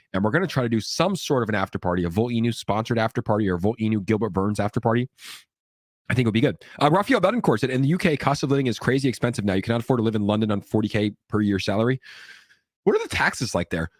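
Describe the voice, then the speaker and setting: A man's voice: medium pitch, no room sound, studio quality. A man hosting a casual crypto livestream, upbeat and hyped as he reads viewer comments, sick and coughing now and then. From California.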